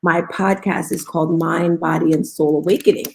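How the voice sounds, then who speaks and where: A woman's voice: sits low, fairly even intonation, moderate pace, creaky, darkish tone. Upbeat woman hosting a morning pep talk. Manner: upbeat, coaxing, leads call-and-response. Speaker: host of a live audio room.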